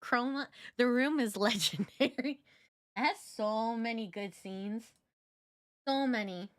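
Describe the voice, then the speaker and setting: A woman's voice: a little high, takes it slowly, no echo, clean studio sound. A woman streamer chatting casually with her viewers, giggly and rambling, with lots of fillers. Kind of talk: casual reaction chat.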